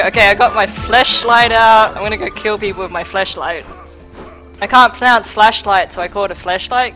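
A woman's voice: mid-range voice, poor audio. A young Australian woman live-streaming, laughing a lot, overwhelmed and swearing freely while she chats. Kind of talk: casual live-stream chat.

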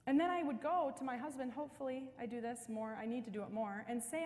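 A woman's voice: high-pitched, expressive, a little fast, hardly any pauses, a little mellow. A middle-aged woman giving a parish mission talk in a chatty, storytelling way with frequent casual fillers. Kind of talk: conversational church talk. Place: church. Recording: long reverb of a large church.

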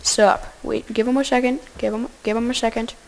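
Goofy high-pitched woman with vocal fry. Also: a little fast. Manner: goofy, excitable, talks to game animals. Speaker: gameplay commentator. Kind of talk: casual gameplay commentary.

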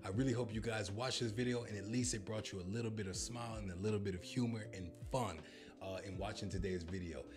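A man from the United States hosting a comedic reaction vlog, talking straight to his viewers in a brash, profane, riffing way. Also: fairly low pitch. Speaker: reaction video host.

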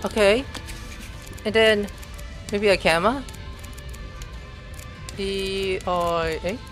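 A young man playing a video game, reading its text aloud and reacting with excited outbursts. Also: high voice, slow, music in the background. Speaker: gameplay streamer. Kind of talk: casual game commentary.

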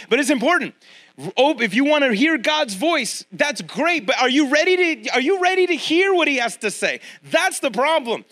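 Middle-aged guy pastor preaching casual to the church, really high voice, plays out little voices. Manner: conversational preaching, addresses congregation directly; animated, acts out quoted voices. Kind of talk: sermon.

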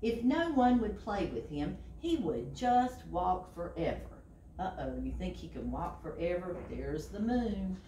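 Slow, animated storytime reader woman. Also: lowish voice, a little hiss or hum. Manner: slow, animated, asks the children questions. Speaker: children's librarian. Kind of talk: reading a picture book to children. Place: library room. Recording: roomy and distant from the mic.

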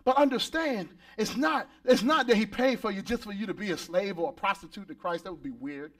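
A man preaching a lively sermon as pastor at a church service, rising to shouts and calling out for responses from the congregation. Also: sits high, a little fast.

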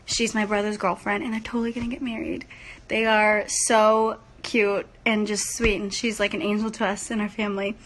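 A woman's voice: medium pitch, little pitch movement, moderate pace, fairly bright tone. A young woman from San Antonio chatting casually on a late-night phone livestream, gushing and laughing easily. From San Antonio, Texas. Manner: bubbly and gushing, laughs often. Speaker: singer talking to fans on a phone livestream. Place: her room at night. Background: music playing in the background.

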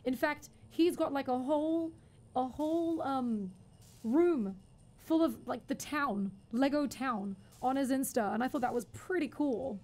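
A woman with a high voice streams a game live. She yelps and swears when the action heats up, then settles into chatting with her viewers. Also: a little slow. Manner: excitable, panicky outbursts and swearing; chatty, thanks and talks to viewers. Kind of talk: live gameplay commentary.

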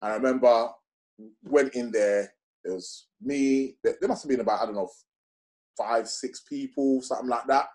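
A man's voice: mid-range voice, normal speed. A middle-aged man telling stories in a casual interview, acting out what other people said and using lots of slang. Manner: animated, acts out other people's lines with slang-heavy talk. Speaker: interview guest. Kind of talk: casual storytelling chat.

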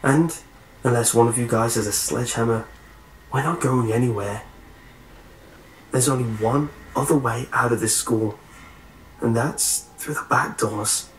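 A man's voice: mid-range voice, unhurried, pauses often, natural voice. A man voicing a blunt, commanding teenage boy in a storytelling recording. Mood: firm. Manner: curt, commanding. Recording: roomy echo, faint hiss.

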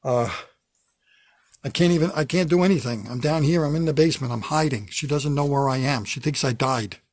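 A man's voice: medium pitch, a little fast, a little mellow, husky, dry recording. An older man, a comedian, delivering a kvetching, self-mocking comedy rant from his basement at home. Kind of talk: stand-up comedy monologue.

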